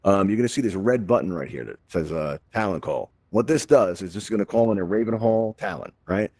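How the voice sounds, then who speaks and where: A man with a fairly low voice hosts a virtual-reality tutorial, talking fast and walking people through steps. His manner is upbeat and jokey. The sound is dry, through a headset mic. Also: animated, dark tone, no echo. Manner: upbeat, jokey step-by-step explaining. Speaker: host and instructor.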